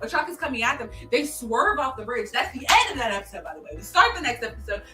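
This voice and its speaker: A woman co-hosting a casual chat, excitedly retelling a TV episode and acting out its dialogue. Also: a little high, fast, roomy sound, distant mic, faint music behind. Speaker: podcast co-host. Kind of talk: casual chat recapping a TV show.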